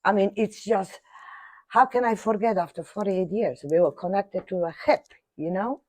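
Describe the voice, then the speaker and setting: An older woman telling a personal story in animated fashion, acting out other people's voices, with non-native grammar. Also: medium pitch, moderate pace, no room sound. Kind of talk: animated anecdote.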